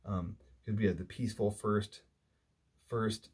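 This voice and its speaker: A man lecturing on poetry in a low, mellow voice with a slightly husky edge. He moves unhurried, filling pauses with ums and restarting phrases, and reads verse aloud between his thoughts. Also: fairly even intonation. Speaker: literature lecturer.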